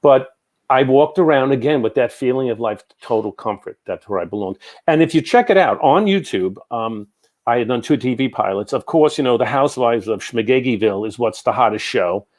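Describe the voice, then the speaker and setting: This interview guest is a New Yorker in his 60s who works as a psychic medium. Speaking briskly in a mid-range voice, he spins long, meandering, lively stories with many side remarks in a casual conversation.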